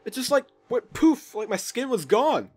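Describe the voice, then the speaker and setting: Animated young man commenting on a game. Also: very high voice, moderate pace, breathy edge. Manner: chatty, jokey, animated reactions to the game. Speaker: gaming video host. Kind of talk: casual let's play commentary.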